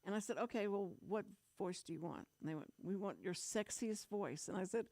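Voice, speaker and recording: A woman's voice: medium pitch, no room sound. Lady radio host telling a funny story, laughs a lot, dry close mic. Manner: animated storyteller, laughs often, quick asides. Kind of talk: casual chat, telling a story.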